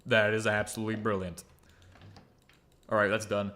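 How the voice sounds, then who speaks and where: Jokey low-voiced man narrating gameplay. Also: level tone, normal speed, pushed and bright, slight background noise. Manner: jokey, self-mocking, hums and mutters to himself. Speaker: gaming video creator. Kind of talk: casual gameplay commentary.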